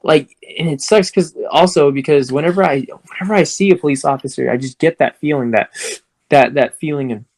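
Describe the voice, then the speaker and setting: A man's voice: on the high side, fairly quick, darkish tone. A young man co-hosting a casual podcast, telling a personal story in an earnest way. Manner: earnest storytelling, quoting people in acted voices. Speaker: podcast co-host.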